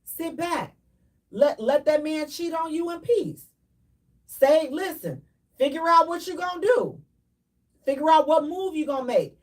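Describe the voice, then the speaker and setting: This is live call-in radio hosted by a woman whose high voice comes across unhurried and kind of far off the mic. Animated and sermonizing, she repeats her points and sometimes yells.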